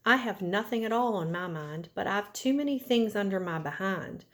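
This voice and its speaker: A woman's voice: mid-range voice, lively intonation, moderate pace, a bit bright, natural voice. A woman voicing a chatty mother goose who repeats her words, in a storybook read aloud.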